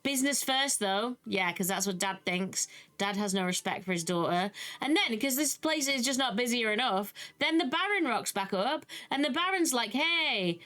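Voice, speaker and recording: A young British woman giving casual, animated commentary on a video game she is playing, with exasperated asides. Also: fairly high pitch, moderate pace, few pauses. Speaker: gaming YouTuber. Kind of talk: casual let's-play commentary.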